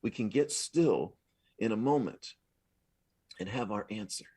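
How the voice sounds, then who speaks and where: A man's voice: on the low side, animated, a little slow, a little mellow, slightly rough, no room sound. A man, a minister, preaching a sermon at a live service in a conversational, affirming way, repeating his points. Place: live service at a spiritual center.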